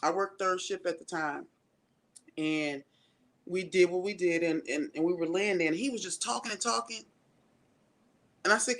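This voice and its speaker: A woman talking as a radio show guest, telling personal stories in a relaxed, candid way. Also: fairly low pitch, normal speed, long pauses. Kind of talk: casual chat.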